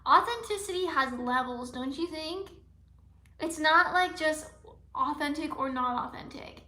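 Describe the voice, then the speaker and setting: A woman chats on her livestream, answering viewers in a rambling, playful way full of "like" and sudden whispers. Her voice sits high and bright. The sound carries the echo of a bare room. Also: a little slow. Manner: reads viewer comments aloud and answers them, often dropping into a whisper. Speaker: livestream host. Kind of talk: casual livestream chat.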